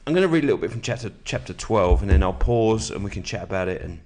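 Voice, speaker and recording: A man with a slightly sore throat, hosting a podcast in a relaxed, matey way and reading aloud from a book at an even, measured pace. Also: lowish voice. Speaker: podcast host.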